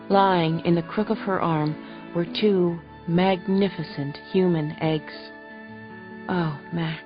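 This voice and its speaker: A woman narrating a thriller audiobook in the first person with gentle, emotional storytelling. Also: fairly low pitch. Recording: dull lo-fi audio, faint music.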